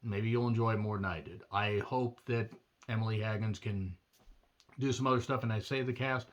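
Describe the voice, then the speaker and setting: A man's voice: fairly low pitch, steady tone, normal speed, muffled recording. A man giving a casual, rambling movie review with wry asides and self-corrections, his throat a little strained. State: throat strained from doing a demon voice.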